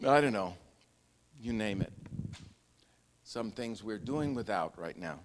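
A man's voice: lowish voice, expressive, takes it slowly, pauses often, big-room sound. A man preaching a sermon, fervent in his appeals and easygoing and self-deprecating in his asides. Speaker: pastor.

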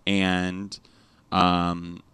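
A man with an extremely low, deep voice chats casually as a podcast host and dad, spinning family anecdotes with plenty of "like" and "um" and frequent restarts. The sound is dry and close, as if he is right on a studio mic. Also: monotone, extremely slow, bright, forceful tone, clear, resonant tone, no room sound. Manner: rambling, lots of fillers and restarts. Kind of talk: casual storytelling chat. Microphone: studio microphone with headphones.

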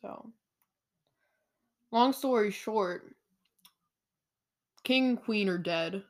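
Young woman, mid-pitch, casual chat, chatty animated plot recap, filler-heavy. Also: extremely slow. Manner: animated storytelling, lots of "like". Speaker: book discussion co-host. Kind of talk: casual chat retelling a novel.

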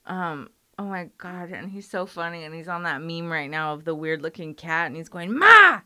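A woman's voice: sits low, fairly even intonation, moderate pace, a bit bright, clean tone. A woman co-hosting a podcast, chatting casually about movies, laughing often and swearing freely. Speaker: podcast co-host.

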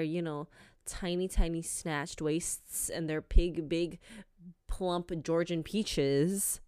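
A woman's voice: fairly low pitch, darkish tone, smooth, no room sound, studio quality. A young woman hosting a podcast, talking candidly and profanely in a casual confessional monologue and laughing often. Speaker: podcast host.

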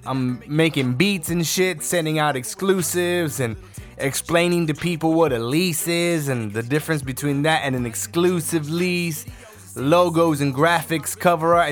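A man's voice: on the high side, unhurried, soft background music. Profane ranting podcast man. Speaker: podcast host. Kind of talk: casual solo podcast rant.

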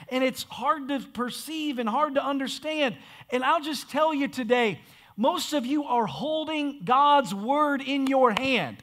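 Male pastor, very high voice, emphatic, repetitive preaching from a church stage mic. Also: fairly bright tone. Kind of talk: sermon. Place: church sanctuary.

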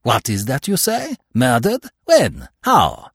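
A man voicing a precise older Belgian detective who talks in a measured, grave way with French phrases. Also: mid-range voice, very animated, darkish tone, no room sound, clean studio sound. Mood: brisk.

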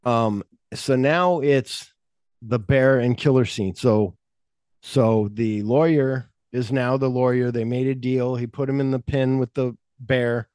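A man's voice: medium pitch, slow pace, clear, resonant tone. A man hosts a podcast, retelling scenes in a loose, chatty way. He jumps into raised voices for the quotes and swears freely. The sound is dry and close, with no room echo. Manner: animated storyteller, acts out quotes in a raised voice, swears often. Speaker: podcast host. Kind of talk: casual chat retelling a film script.

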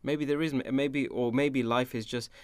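A man's voice: mid-range voice, fairly even intonation, normal speed, smooth, no echo. A man co-hosting a casual film review chat, hesitant with jokey interjections. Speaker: podcast co-host.

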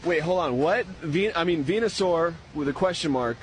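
A man's voice: fairly high pitch, fairly quick, faint music behind, lightly acted. A man voicing a grumpy, foul-mouthed Venusaur monster in a comedy sketch, grumbling and exasperated. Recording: very noisy clip.

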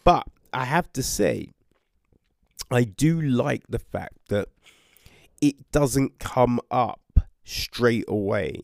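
A man casually reviewing a book, animated, with frequent swearing, exclamations and restarts. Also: medium pitch, takes it slowly, vocal fry, dry recording, clean studio sound.

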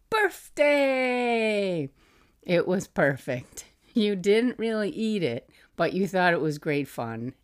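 A middle-aged woman with a low voice reads from a journal she once kept for her little boy. Her delivery is fond and motherly, broken now and then by soft laughs. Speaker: podcast host. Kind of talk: reading aloud from a family journal.

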